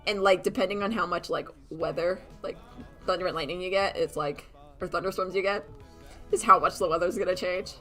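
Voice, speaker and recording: A woman's voice: on the low side, fairly even intonation, brisk, bright, forceful tone, faint music behind. A woman from Canada chatting casually on a live stream while she draws, rambling and laughing at herself as she answers chat. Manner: rambling, giggly, self-mocking, talks to chat. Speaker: streamer and animator.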